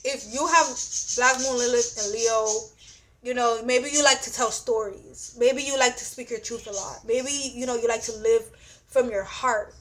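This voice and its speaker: A woman's voice: on the high side, fairly even intonation, normal speed, a bit bright. A young woman giving a casual astrology reading, blunt and profane, often repeating "you know what I'm saying.". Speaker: astrology reader.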